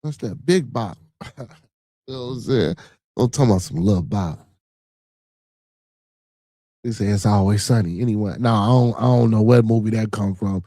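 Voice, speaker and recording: This podcast host, a middle-aged man from Chicago, casually chats with his live-stream viewers and reads their comments, laughing, cursing and saying things twice. He speaks on the low side at a normal speed, pausing often, in a mellow tone. The audio is studio quality with no echo.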